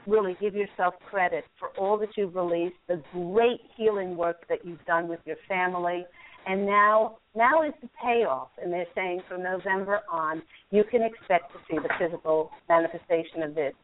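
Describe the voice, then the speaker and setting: A woman hosting a call-in radio show, giving angel card readings in a soothing, encouraging way with frequent laughs. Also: fairly low pitch. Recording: phone-like lo-fi line.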